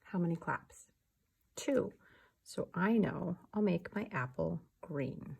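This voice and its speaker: A young woman teaching a remote class for young children, slow, soft and patient, often dropping to a whisper. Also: lowish voice, lively intonation, vocal fry, husky.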